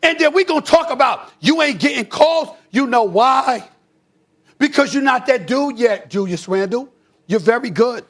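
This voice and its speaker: A man hosting a sports debate show, talking. His voice sits very high for a man, and he rants with real heat, breaking into shouts. The delivery is animated and emphatic throughout. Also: moderate pace. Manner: loud, animated ranting with shouted bursts. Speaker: sports talk show host. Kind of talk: heated sports commentary.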